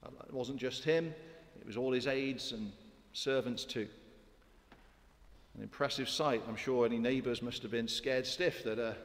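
A man's voice: mid-range voice, moderate pace, big-room sound. A man preaching a sermon in a church, emphatic and full of rhetorical questions to his congregation.

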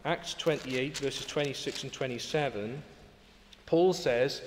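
A man with a mid-range voice and a slightly slow pace preaches a sermon in a church. He is earnest and emphatic, often building to exclamations, and the echoey hall gives a long reverb.

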